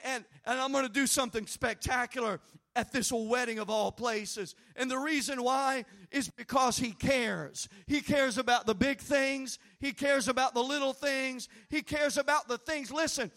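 A man preaching a sermon, building to shouted emphasis and calling on the congregation to respond. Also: extremely high pitch. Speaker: pastor.

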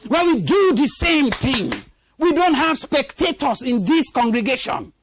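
A man preaching to his congregation, animated and laughing, drawing call-and-response from the listeners. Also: extremely high pitch, a little slow, background noise. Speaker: pastor. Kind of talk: sermon. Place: church congregation.

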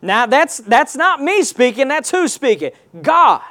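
A man's voice: extremely high pitch, big pitch swings, a little slow. A male pastor preaching a sermon, reading scripture and calling on the congregation to answer back. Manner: preaching with call-and-response, rising to loud exclamations.

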